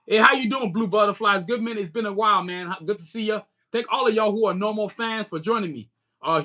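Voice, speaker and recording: Casting: male livestream host, American accent with a Nigerian edge, high and forceful voice, loose slangy rambling. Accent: American with a Nigerian touch. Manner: slangy, rambling, keeps saying "you know what I'm saying". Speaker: livestream host and comic creator. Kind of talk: casual livestream chat.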